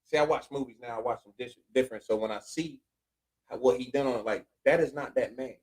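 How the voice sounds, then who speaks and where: A man's voice: medium pitch, fast talker, a little mellow, rough recording. A man hosting a casual podcast, telling stories in a laid-back way and talking straight to his listeners. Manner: laid-back storytelling, talks to listeners directly. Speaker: podcast host. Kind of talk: casual chat.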